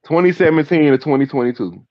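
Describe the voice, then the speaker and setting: A man's voice: a little high, lively intonation, fast talker, muffled recording. A man panelist in a heated sports debate, trash-talking and repeating himself to press his point.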